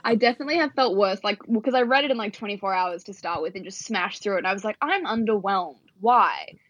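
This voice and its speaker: Fast-talking animated woman, dry sound. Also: mid-range voice, no echo, muffled recording. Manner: fast, animated, swears, lots of "like". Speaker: podcast co-host. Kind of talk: casual book chat.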